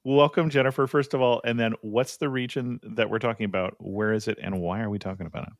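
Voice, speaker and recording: A man's voice: lowish voice, fairly even intonation, fast, dry recording. A man hosting a travel podcast interview, upbeat and joking at his own expense. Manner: upbeat, self-mocking about pronunciation. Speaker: podcast host. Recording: dry close sound.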